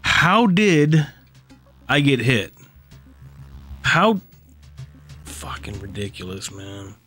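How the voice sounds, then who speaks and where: A man's voice: medium pitch, big pitch swings, extremely slow, bright, forceful tone, soft background music. Grumbling, profane male game streamer. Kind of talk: casual live gameplay commentary.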